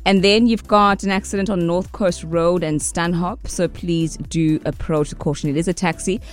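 A woman's voice: fairly low pitch, fairly even intonation, moderate pace. A woman reading the traffic report on a radio show.

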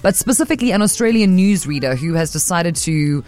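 A woman's voice: on the low side, brisk. A woman co-hosting a drive-time radio show, chatting playfully. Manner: playful, lively, mock newsreader cadence at times. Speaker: radio co-host. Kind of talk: casual radio banter. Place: radio studio.

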